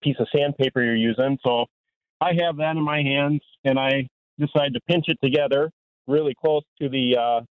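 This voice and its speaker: A man's voice: mid-range voice, fairly even intonation, clean tone, dry recording. Male caller, hesitant with lots of fillers, tinny phone sound, dry. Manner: halting, with many fillers. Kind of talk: casual storytelling.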